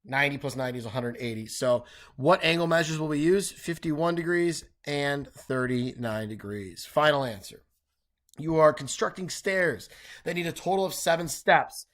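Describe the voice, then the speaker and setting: A man's voice: fairly high pitch, a bit bright. Upbeat man working math problems aloud. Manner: upbeat, self-talking, with playful slang asides. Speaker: math teacher. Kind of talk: recorded review lesson, working problems aloud.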